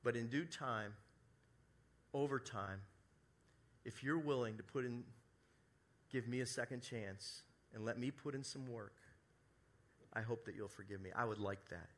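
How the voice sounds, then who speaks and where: A man preaching a sermon as pastor at a church service, acting out sample apologies and moving between loud emphasis and soft, hushed lines. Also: mid-range voice, a little slow, pauses often. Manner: acts out quoted apologies in his own voice.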